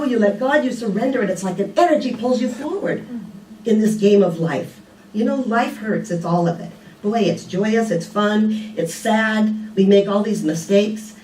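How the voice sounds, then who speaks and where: An older woman delivers a relaxed, conversational sermon, telling homely stories and asking her listeners rhetorical questions. She stands some distance from the mic, and her voice carries the echo of a large room, with a faint hum of ambience underneath. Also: fairly low pitch. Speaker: speaker at a spiritual community. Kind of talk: casual sermon. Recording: echoey room, picked up from a distance.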